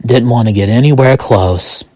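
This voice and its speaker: A man narrating a dark first-person story in a halting way, full of restarts and pauses. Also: mid-range voice, no room sound.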